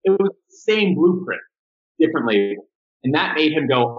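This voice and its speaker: Brisk and medium-pitched, a man's voice comes through with the highs cut off. Interviewed on a podcast, the marketing agency owner talks loosely about his business, animatedly playing out quoted lines in his stories.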